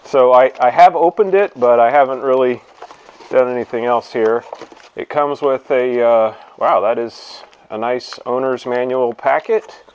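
A man hosting a casual hands-on demonstration in his home garage, relaxed and thinking aloud as he works. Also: medium pitch, a little slow, smooth, highs cut off. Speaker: video host.

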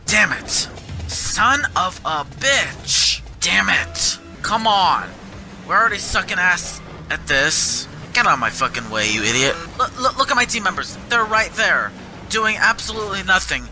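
A man narrates his own gameplay in a high, swooping voice, cursing and ranting in constant anger. Game music plays clearly behind him the whole time. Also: sing-song, measured pace, bright, forceful tone. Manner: angry profane ranting, frequent cursing. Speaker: gamer. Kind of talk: gameplay commentary.

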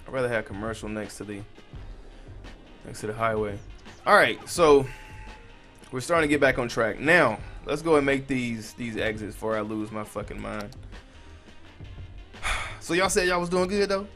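A man's voice: fairly low pitch, normal speed, long pauses, fairly bright tone, faint music behind. A young man giving casual, swear-heavy let's-play commentary and chatting to his viewers while he plays. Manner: frustrated, swears a lot, talks to the viewers. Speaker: gaming channel host.

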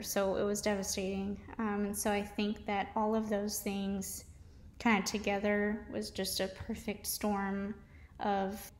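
A young adult woman, a mom vlogger, speaking candidly and haltingly about her own experience, with many restarts and fillers. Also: medium pitch, little pitch movement, echoey room. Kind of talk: candid personal testimony.

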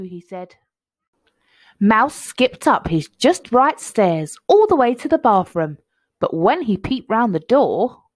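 A woman reading a children's picture book aloud in a slow, playful and expressive way. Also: mid-range voice, dry recording. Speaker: storybook reader.

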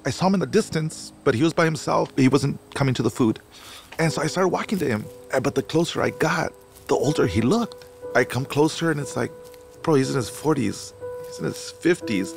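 A middle-aged restaurateur and chef, seated on an outdoor patio, tells stories animatedly in an interview and slips into Spanish phrases. His voice is fairly high and quick with vocal fry, and music plays beneath it.

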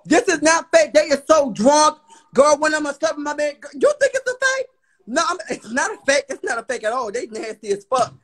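A drunk young man on a livestream, loudly complaining and exasperated. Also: very high voice, lively intonation, fairly quick. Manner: loud, exasperated, slurring complaints. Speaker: livestream guest.

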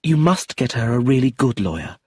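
A man's voice: mid-range voice, brisk, slightly rough, dry recording, studio quality, pitched above the performer's own voice. A man reading an audiobook, voicing a composed, firm young woman in a slightly raised voice. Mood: troubled. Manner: calm, firm.

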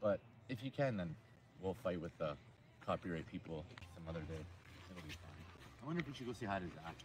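A man hosting a casual outdoor live stream by a lake, joking and rambling in an animated way. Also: low-pitched, fast talker, background noise.

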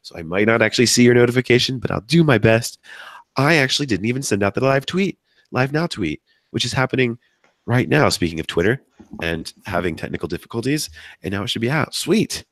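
Podcast host, male, hoarse from a cold, chatty and upbeat, dry close-up sound. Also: animated, fairly quick, fairly bright tone, no echo. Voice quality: deep from sickness. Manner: chatty, upbeat, wanders off topic. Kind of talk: live podcast hosting.

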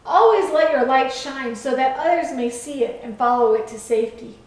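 A woman voicing a calm wise lighthouse keeper. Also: high voice, moderate pace, close to an everyday voice. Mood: gentle. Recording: echoey room, far from mic.

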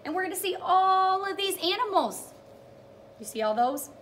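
A woman's voice: very high-pitched, lively intonation, fairly bright tone, a little hiss or hum. A young woman teacher reading a picture book to small children, sing-song and encouraging, praising each step and acting out animal sounds. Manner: drawn-out storytelling with animal sounds.

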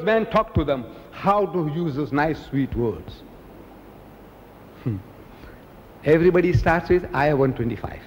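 Animated older man lecturing in a hall. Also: on the high side, unhurried, pauses often, slight background noise. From South Africa. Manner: animated storytelling, mimicking others. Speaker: preacher. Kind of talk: public lecture.

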